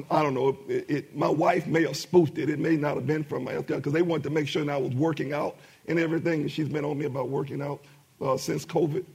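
A man's voice: a little high, gravelly, breathy edge. A middle-aged man preaching a sermon as pastor, with emphatic rising bursts and many repetitions.

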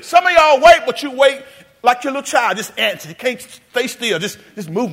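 Preacher guy, high bright voice, call and response, half singing, shouting bits. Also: lively intonation, normal speed. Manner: call-and-response preaching, sings some phrases, rises to shouts. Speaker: pastor. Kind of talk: sermon. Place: church sanctuary.

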